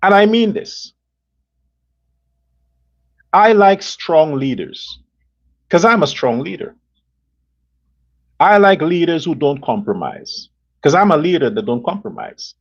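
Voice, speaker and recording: A man's voice: a little high, slow, pauses often, lo-fi sound. A man hosting his own show, giving blunt, opinionated political commentary and acting out imagined phone calls between leaders. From Guyana. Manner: blunt, animated, plays out imagined dialogue. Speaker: show host.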